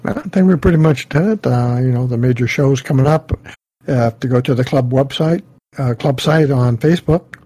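Male co-host, mid pitch, warm dark tone, easygoing storyteller. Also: moderate pace, no room sound. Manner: easygoing storyteller, frequent "you know". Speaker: podcast co-host. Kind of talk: casual podcast chat.

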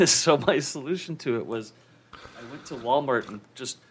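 A man's voice: mid-range voice, expressive, measured pace, fairly bright tone, a little hiss or hum. A man co-hosting a podcast in casual chat, dropping dry wisecracks and laughing at his own jokes. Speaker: podcast co-host.

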